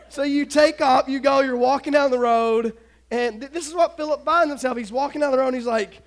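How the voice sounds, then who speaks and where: A man giving a casual, animated youth sermon, retelling a story and acting out the voices of the people in it. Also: extremely high pitch, moderate pace. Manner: animated, acts out voices, laughs often.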